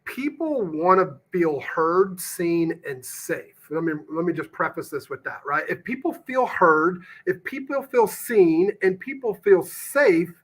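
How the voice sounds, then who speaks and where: A man's voice: high voice, expressive, measured pace, few pauses, slightly rough. A man being interviewed on a podcast, talking passionately and emphatically about real estate deals, with a salesman's punch and the odd casual swear. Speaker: guest, real estate investor.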